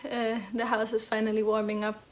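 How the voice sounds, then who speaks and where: A woman's voice: on the high side, completely flat delivery, brisk. Chatty young woman, rambling with fillers. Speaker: knitting podcast host. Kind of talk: casual chat. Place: home.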